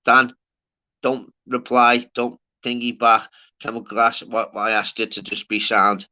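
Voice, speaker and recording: Man, livestream host, sweary rambling chat, bright forceful voice. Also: mid-range voice, little pitch movement, unhurried, highs cut off. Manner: rambling, sweary, calls everyone lad. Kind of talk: casual live-stream chat.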